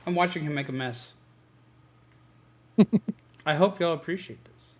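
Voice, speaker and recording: A man's voice: on the high side, measured pace, pauses often. A man streaming a game in casual, goofy chat, who also talks to his pet bird. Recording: game music playing under the voice.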